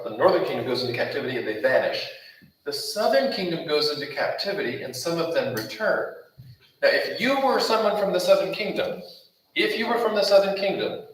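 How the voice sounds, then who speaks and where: A man preaching a Bible study in a strongly echoing church hall, heard from some distance off the mic with a faint hiss behind him. His voice sits a little high for a man, and he presses his points with repetition and rhetorical questions. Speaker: pastor. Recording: roomy echo, mic far off, faint noise.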